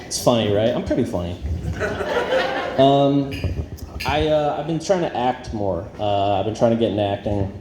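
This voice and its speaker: A stand-up comedian with a mellow, medium-pitched voice fumbles through an awkward, self-deprecating set on a club stage, full of ums and trailing off. The roomy recording picks up audience noise and laughter.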